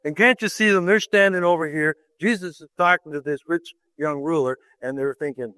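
Male preacher, highish voice, dry close sound, dramatic delivery full of rhetorical questions. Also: fairly quick, few pauses, pushed and bright, smooth, no echo, low-quality recording. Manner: dramatic, swings pitch to act out quoted voices; asks the listeners rhetorical questions. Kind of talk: sermon.

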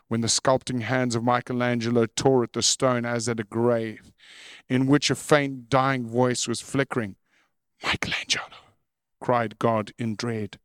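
A middle-aged man preaching a sermon, opening with a slow, measured reading and moving into emphatic preaching. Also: medium pitch, clean tone, no room sound, studio quality. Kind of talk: sermon with read-aloud opening.

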